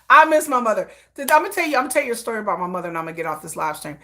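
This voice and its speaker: A woman's voice: medium pitch, animated, fairly quick, long pauses, sharp tone. Chatty woman telling a rambling story. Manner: rambling, laughs often, acts out quoted voices. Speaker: livestream host. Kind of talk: casual storytelling chat.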